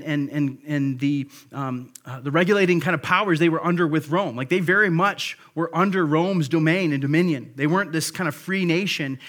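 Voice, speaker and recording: A man's voice: fairly high pitch, a bit bright. A man preaching a sermon in a conversational way, paraphrasing scripture in a casual voice and pressing home his points with emphasis. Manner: frequent restarts and fillers, then builds to emphatic points. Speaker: pastor.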